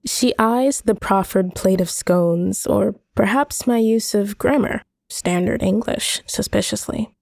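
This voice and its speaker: Woman narrator, measured and wry; slow, gravelly, dry. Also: mid-range voice, a little mellow, no echo. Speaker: reader. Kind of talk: first-person short story narration.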